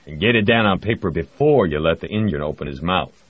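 A gruff, gravelly project director with a South Texas drawl, put on by a male audiobook narrator. He talks blunt and folksy, his low voice swinging widely in pitch. The read is dry and a little muffled. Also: lively intonation, brisk, no echo. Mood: grumpy. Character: gruff middle-aged American project director, ex-Texan. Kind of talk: audiobook character voice.

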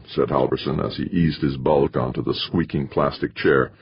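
A man reading a novel aloud as a narrator, in a steady, even storytelling manner. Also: very deep voice, fairly quick, few pauses, breathy edge. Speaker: audiobook narrator. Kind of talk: scripted narration. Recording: muffled lo-fi recording.

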